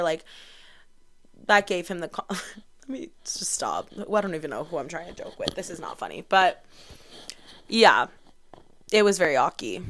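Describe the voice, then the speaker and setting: A woman in her twenties hosts a casual solo podcast in a medium-pitched, fairly bright, clean voice. Chatty and bubbly, she tells stories and says "like" constantly.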